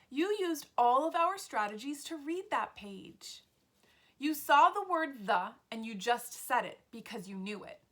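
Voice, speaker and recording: A woman teaching an early reading lesson to preschoolers, speaking slowly and clearly with encouragement. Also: a little high, sharp tone. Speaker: pre-k teacher.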